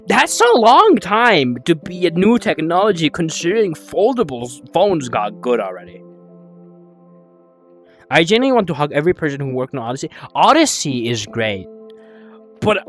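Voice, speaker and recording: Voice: medium pitch, very animated, normal speed, a bit bright, soft background music. A young adult streamer chatting casually while playing a VR game, rambling, swearing and answering chat, a bit out of breath.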